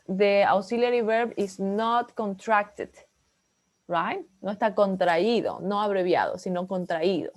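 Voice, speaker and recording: Bilingual woman teaching an English class. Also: mid-range voice. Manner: explains in English, then repeats in Spanish.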